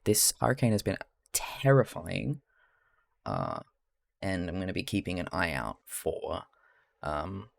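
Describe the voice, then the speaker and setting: Gravelly Australian man chatting on stream. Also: deep voice, sing-song, measured pace, pauses often, no room sound. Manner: chatty, rambling, swears and laughs often. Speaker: live streamer. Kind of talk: casual live-stream chat while crafting.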